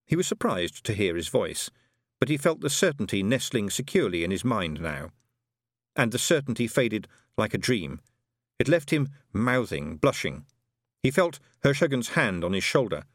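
Man, audiobook narrator, expressive, lively pitch, dry close recording. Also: dry recording. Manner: expressive, varied reading.

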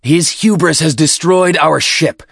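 A man's voice: medium pitch, expressive, slow, no room sound, clean studio sound, voice pushed up. A man voicing a fierce young male alien warrior who snarls with contempt. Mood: scornful.

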